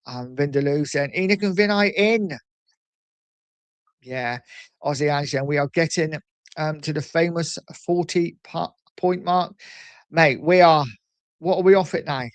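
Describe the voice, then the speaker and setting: A man's voice: fairly high pitch, unhurried, pauses often, no room sound. Chatty man hosting a livestream. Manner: chatty, animated, reads out comments, frequent ums. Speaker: livestream host reading chat. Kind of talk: casual live chat.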